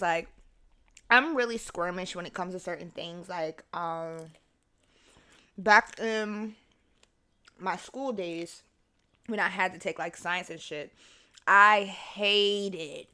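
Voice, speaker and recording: A woman, hosting a casual solo podcast and telling stories in a lively, profane way while she eats. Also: fairly low pitch. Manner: animated storytelling, swears freely, mimics her own voice. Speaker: podcast host.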